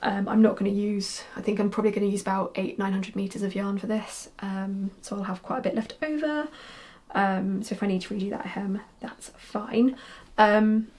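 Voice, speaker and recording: A woman's voice: medium pitch, fairly even intonation, normal speed, darkish tone. A young woman, chatty and rambling, talking casually about her knitting projects with frequent ums and restarts. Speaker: knitwear designer podcaster.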